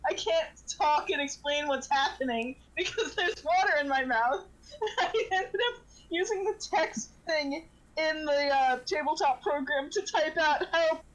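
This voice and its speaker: A woman's voice: high voice, measured pace, a bit bright, rough recording. A woman playing in an online tabletop game, chatting casually and giggling through her stories. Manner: giggly, tells stories through fits of laughter. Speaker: player.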